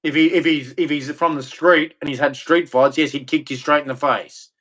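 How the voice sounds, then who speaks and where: A man's voice: fairly high pitch, steady tone, moderate pace, a bit bright. A middle-aged man, hosting and ranting bluntly, mocking others and acting out their voices. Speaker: host. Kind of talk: opinionated rant.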